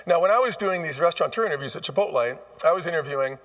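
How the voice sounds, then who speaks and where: Speaking rapid-fire in a slightly high, somewhat bright and animated voice, the former restaurant chain CEO tells emphatic stories during a live conference-stage interview, voicing lines of dialogue. The mic sits far from him.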